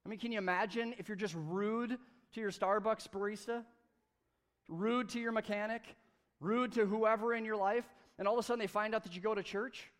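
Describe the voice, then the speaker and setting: A man preaching a sermon at a church service, energetic and conversational, with playful asides. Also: sits high, a little fast. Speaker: pastor.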